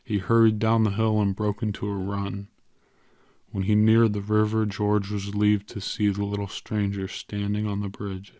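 A man reads a story aloud in a low, level voice that barely rises or falls. His delivery is measured and even, and the recording is close and dry, with no room sound. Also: dry recording. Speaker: audiobook narrator. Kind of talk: scripted narration.

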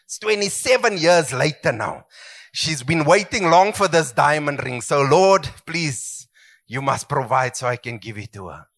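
A man's voice: fairly high pitch, animated, measured pace, a bit bright. A middle-aged man preaching a sermon as pastor, emphatic and swooping, calling for amens.

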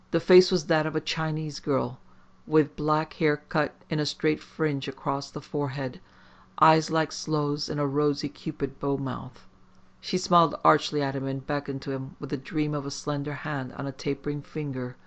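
A man giving a steady, measured scripted narration of a horror story. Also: fairly high pitch. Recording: faint background music.

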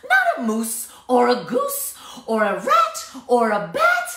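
A woman's voice: on the high side, wildly swooping pitch, takes it slowly, sharp tone, voice pushed up, exaggerated voice. Woman doing a bossy scolding mother cat. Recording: echoey room.

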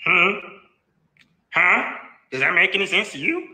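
A man giving a rambling, emotional confessional rant, now and then rising into shouted outbursts. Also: sits high, sing-song, unhurried. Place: home, near a shower. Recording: echoey room.

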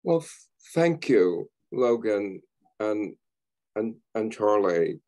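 A man's voice: on the low side, big pitch swings, slow pace, darkish tone. A man moderating a church education event, thanking the speakers and speaking in a moved way. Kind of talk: public talk. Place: church meeting.

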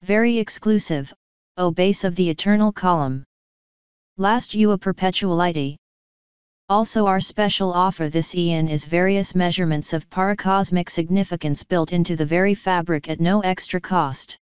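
Woman doing a pushy salesman, sales patter, crisp clear voice. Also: lowish voice, dry recording, muffled recording, lightly acted. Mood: salesy. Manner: fast-talking sales patter. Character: eager, pushy male pyramid salesman.

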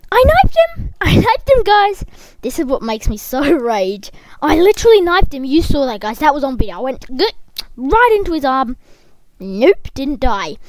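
Excitable high-voiced woman gamer. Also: dry recording. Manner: excitable, bursts into shrieking yells; chatty, talks straight to the viewers. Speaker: gameplay commentator. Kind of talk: casual game commentary. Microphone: desk microphone, close.

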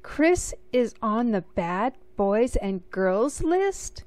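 A spirited young girl from a storybook, as a woman reader puts her on. She speaks earnestly and exclaims, at an unhurried pace. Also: a little high, very animated, darkish tone, no room sound, exaggerated voice.

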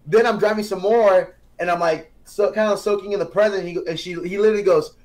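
A young man on a podcast giving an earnest personal testimony, telling it as a story with quoted dialogue and growing animated at the high points. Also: brisk. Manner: earnest, grows animated and excited when telling the climax. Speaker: podcast guest. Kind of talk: casual testimony.

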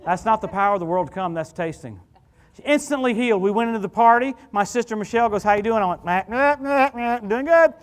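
A middle-aged man preaching as a guest minister, telling stories in an animated, conversational way. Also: high-pitched, fast talker, soft background music. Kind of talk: sermon. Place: church sanctuary. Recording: church hall reverb.

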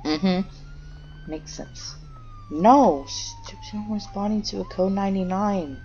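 A woman's voice: medium pitch, wildly swooping pitch, measured pace, warm tone, dull audio, a little hiss or hum. A young woman chatting casually while playing a firefighter game, making radio calls and talking to her cats.

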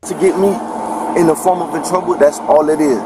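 A man's voice: fairly high pitch, steady tone, a little fast, far from the mic, heavy background noise. A man with a Caribbean accent, pleading and repeating himself while police question him outdoors. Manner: pleading, repetitive, upset.

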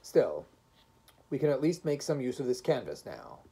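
A man reading aloud, voicing a tall male house inspector who speaks in a measured, officious way. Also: medium pitch, big pitch swings, vocal fry, mellow, breathy edge, exaggerated voice. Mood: stern.

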